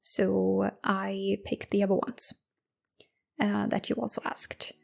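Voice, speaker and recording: A young woman answering questions in a soft-spoken ASMR Q&A, close to the mic, slipping into whispers. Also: medium pitch, little pitch movement, gravelly. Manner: slow, intimate, drifting into whispers with soft laughs. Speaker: ASMR creator.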